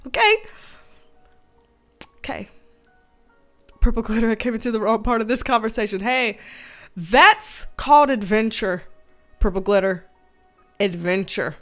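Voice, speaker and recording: A woman hosting a casual livestream at home, chatting and reading out viewer comments with frequent laughter and a playful, animated manner. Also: on the high side, unhurried, long pauses, faint music behind. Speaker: livestream host.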